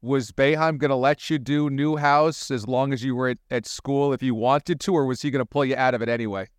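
A man's voice: medium pitch, steady tone, brisk, smooth, dry recording, studio quality. A podcast host interviewing a guest, chummy and enthusiastic as he asks his questions. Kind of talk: casual interview.

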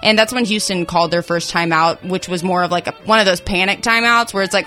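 A young woman co-hosting a sports radio show, chatty and bubbly with quick laughs. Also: fairly low pitch, steady tone, sharp tone, faint music behind. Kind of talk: casual sports talk.

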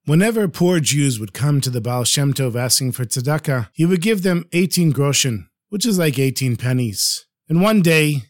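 A man's voice: mid-range voice, no room sound, clean studio sound. A man telling religious stories on a podcast, preaching a little and addressing listeners fondly. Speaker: storyteller. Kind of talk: podcast storytelling.

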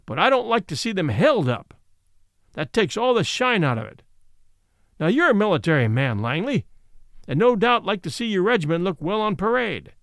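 A man's voice: high-pitched, very animated, normal speed, a bit bright, dry recording, studio quality, heavily acted. A man voicing a stern, principled country squire scolding others.

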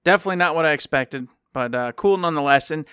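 Man, fairly high voice, smooth and clear, dry close mic, casual rambling storyteller, podcast co-host. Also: fast, no room sound. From Michigan. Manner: animated, rambling, acts out quoted people.

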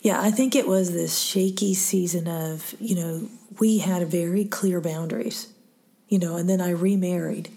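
A middle-aged woman hosting a faith-based interview, soft-spoken and often dropping to a breathy near-whisper. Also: on the low side, steady tone, moderate pace. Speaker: podcast host interviewing her daughter.

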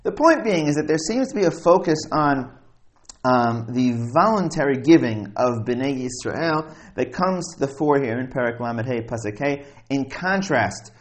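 A man's voice: mid-range voice, expressive, moderate pace. A man teaching a Bible text study in a mid-range voice. He reads the Hebrew verses aloud and then translates them. He stops often on um and uh as he lays out his points. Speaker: Torah teacher.

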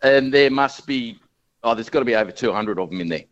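A man in his fifties with an Australian accent, calling in and telling chatty, animated stories. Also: mid-range voice, brisk, highs cut off. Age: 50s. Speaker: caller. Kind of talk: casual radio chat, storytelling.

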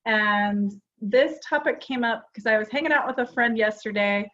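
A woman's voice: fairly high pitch, moderate pace, a bit bright, lo-fi sound. A woman in her forties co-hosting a podcast, talking casually and earnestly with plenty of fillers. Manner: chatty and earnest, with frequent fillers. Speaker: podcast co-host. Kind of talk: casual chat.

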